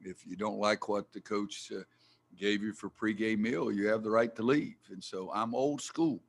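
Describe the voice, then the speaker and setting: Casting: older man, gravelly low voice, folksy and blunt coach at a press conference. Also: moderate pace. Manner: folksy, blunt, gets worked up and swears mildly. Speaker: head basketball coach.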